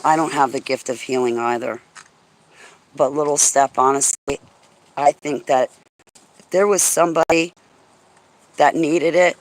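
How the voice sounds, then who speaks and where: A woman's voice: sits low, rough recording. A woman hosting a religious talk show in an impassioned, emphatic way. Her delivery is emotional, and she often speaks straight to one listener. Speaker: radio show host.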